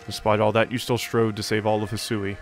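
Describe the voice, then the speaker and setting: A man's voice: on the low side, level tone, brisk, soft background music, lightly acted. A man voicing a stern, proud, middle-aged male commander from a video game, reading his formal lines aloud. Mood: remorseful. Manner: formal, apologetic speech read from game text.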